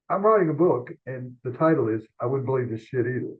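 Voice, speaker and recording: An older man, a veteran sports columnist, telling rambling, animated stories as an interview guest. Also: medium pitch, husky. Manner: animated rambling anecdotes, quick asides. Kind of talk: storytelling interview. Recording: tinny phone-like line.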